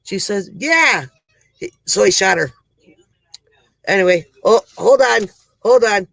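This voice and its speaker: Male performer as a rambling, breathless country-woman comic host; high voice, slow, dry close sound. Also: animated, gravelly, a bit bright, dry recording, exaggerated voice, poor audio. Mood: folksy. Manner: rambling, sighing between jokes. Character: folksy joke-telling country woman host. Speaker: comedy show host. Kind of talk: comic monologue.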